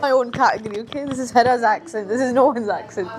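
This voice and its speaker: A woman with a Scottish accent hosting a podcast, chatting casually and joking about herself. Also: on the high side. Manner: quick, joking, self-mocking banter. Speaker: podcast host. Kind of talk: casual chat.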